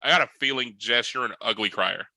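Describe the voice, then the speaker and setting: A man's voice: mid-range voice, fairly quick, vocal fry, over a noisy crowd, rough recording. A man co-hosting a podcast, teasing the others in a playful, slangy way. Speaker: podcast co-host. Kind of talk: casual podcast chat.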